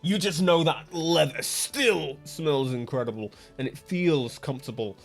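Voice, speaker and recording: A man with a high voice gives lively commentary over a racing game. He jokes around and laughs easily, with faint music playing in the background. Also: measured pace, gravelly. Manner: excitable, jokey, laughs often. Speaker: gaming channel host.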